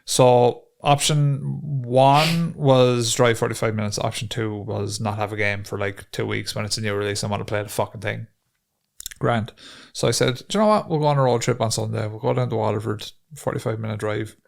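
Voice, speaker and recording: A man's voice: lowish voice, moderate pace, gravelly. An Irish man co-hosting a podcast, telling a profane, ranting story in casual chat. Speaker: podcast co-host.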